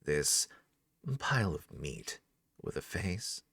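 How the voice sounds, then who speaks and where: A haughty rival sorceress with a cool, superior drawl, as a male narrator does her voice. She sounds low and gravelly, delivered close and dry with no room sound. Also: animated, slow pace, fairly bright tone, no room sound, far from the mic, full character voice. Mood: scornful. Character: haughty red-haired woman court wizard, rival.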